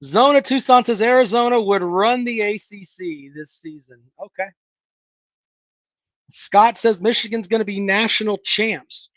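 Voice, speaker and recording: A man's voice: high voice, measured pace, a bit bright, no echo, dull audio. A man hosting a casual sports talk livestream, reading chat comments and mocking them bluntly with plenty of swearing. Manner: blunt, sarcastic, swears freely, mocks callers' takes.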